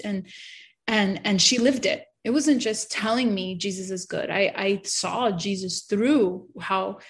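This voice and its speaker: A woman's voice: mid-range voice, a little slow. A woman in her thirties sharing an emotional faith testimony in an earnest, heartfelt way, full of fillers.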